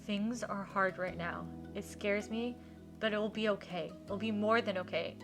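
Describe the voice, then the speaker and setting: A woman reading aloud the quiet lines of a gentle, troubled young man in a game. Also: mid-range voice, steady tone, normal speed, music in the background, natural voice. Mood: subdued. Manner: quiet, subdued reading of dialogue.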